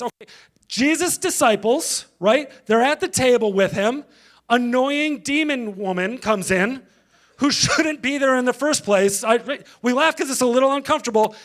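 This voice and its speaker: A man's voice: very high voice, expressive, moderate pace, fairly bright tone. A male pastor giving a conversational sermon, engaging the congregation directly.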